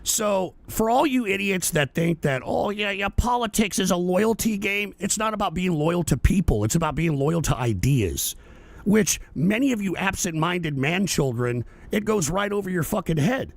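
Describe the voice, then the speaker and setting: A man's voice: on the high side, animated, moderate pace, creaky, no room sound. A man hosting a political livestream, ranting with constant profanity and sarcasm, then reading out viewer donations. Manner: profane, shouting, sarcastic rant; reads viewer donations aloud. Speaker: political talk show host. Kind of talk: livestream rant.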